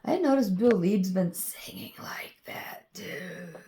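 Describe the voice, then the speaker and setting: A woman's voice: on the low side, lively intonation, slow pace, vocal fry, dark tone, slight background noise. A woman vlogging in a casual, meandering monologue full of ums and you-knows as she shows her drawings.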